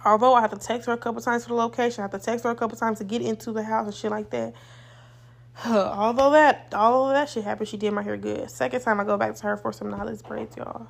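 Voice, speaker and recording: A woman's voice: a little high, steady tone, quick pace, creaky. A young woman hosting a podcast, telling a casual storytime monologue in a blunt, profane, rambling way. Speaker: podcast host.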